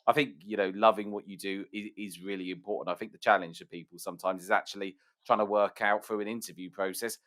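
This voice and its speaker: A man hosting a podcast interview, relaxed, conversational and encouraging. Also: on the low side, fast talker, few pauses. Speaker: podcast host. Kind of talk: casual interview chat.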